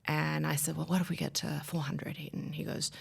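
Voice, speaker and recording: A woman's voice: low voice, flat delivery, normal speed, vocal fry, slightly rough. A woman in her thirties telling her family's story in a podcast interview, earnest and rambling with many restarts.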